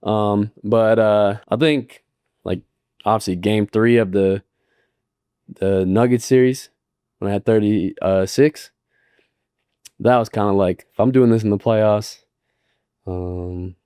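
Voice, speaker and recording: A man in his thirties from Colorado, chatting casually as a podcast host, laid-back and halting with lots of fillers. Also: on the low side, steady tone, dark tone, clean tone, no echo, clean studio sound. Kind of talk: casual chat.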